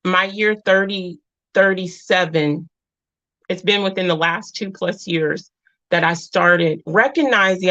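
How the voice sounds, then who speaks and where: A woman's voice: on the low side, dry recording. A woman in her thirties hosting a heartfelt live chat with viewers. She talks earnestly, drifts off topic and back, and comes close to tears. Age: 30s. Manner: emotional, warm, close to tears. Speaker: live-stream host. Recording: dull, dry, lo-fi sound.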